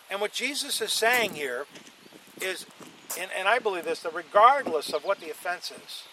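A male pastor delivering a sermon in a high, bright voice. He leans hard on key lines, repeats them for weight, and draws the congregation in. A faint hiss of noise sits underneath. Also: low-quality recording. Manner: emphatic, repeats lines for stress, calls on the congregation.

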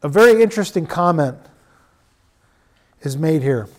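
A middle-aged man preaching a sermon, swinging between loud urging and quiet storytelling. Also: a little high, lively intonation, moderate pace.

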